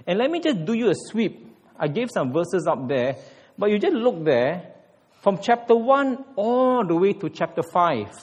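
A man preaches. His voice sits a little high and swings widely, jumping up to hit his key points. The sound carries the long reverb of a church hall. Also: unhurried, dull audio. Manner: animated preaching with sudden emphatic rises. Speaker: pastor. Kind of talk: sermon.

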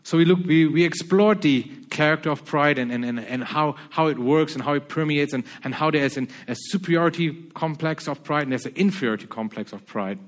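A man's voice: on the high side, a little fast, hardly any pauses. A man preaching a sermon, earnest, stammering restarts and repeating his key phrases.

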